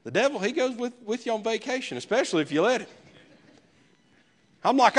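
A man's voice: very high-pitched, very animated, a little fast, long pauses. A male pastor, preaching a sermon in a conversational way with folksy asides. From American South.

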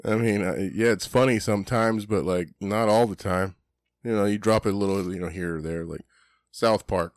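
A man's voice: lowish voice, fairly even intonation, moderate pace, no room sound, clean studio sound. A man co-hosting a podcast in casual chat, blunt and profane, rambling with lots of "you know"s. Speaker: podcast co-host.

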